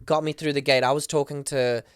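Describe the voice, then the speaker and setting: A professional dancer appearing as a podcast guest tells a story excitedly, rattling through it fast with plenty of "like" and acted-out quotes. His smooth, mid-range voice comes through clean studio sound with no room noise.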